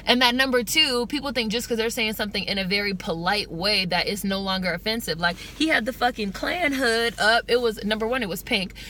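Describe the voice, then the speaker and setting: An American woman in a car, ranting in an emphatic, profane, fast-talking way for her vlog. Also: a little high, pushed and bright, slight background noise. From United States. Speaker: vlogger.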